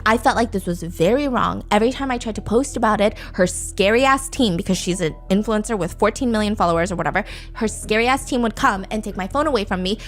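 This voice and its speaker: A woman's voice: mid-range voice, natural voice. A woman voicing a defensive young man who blames his ex, talking indignantly and dismissively.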